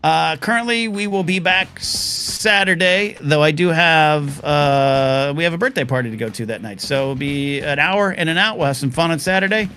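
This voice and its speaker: A man's voice: on the high side, sharp tone. Chatty rambling man host. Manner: rambling, chatty, many fillers and restarts. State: starting to lose his voice. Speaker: host of a live call-in stream. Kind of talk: casual live-stream talk show.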